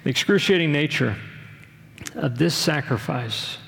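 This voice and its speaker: A middle-aged male pastor preaches with earnest, measured emphasis and keeps putting questions to his listeners. His voice sits a little high for a man and has a gravelly edge. The sound carries the long reverb of a large hall. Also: lively intonation, fairly bright tone. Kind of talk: sermon.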